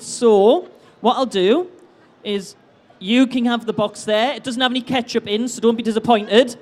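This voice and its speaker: A man hosting a live convention stage game, teasing contestants with upbeat, jokey banter. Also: extremely high pitch.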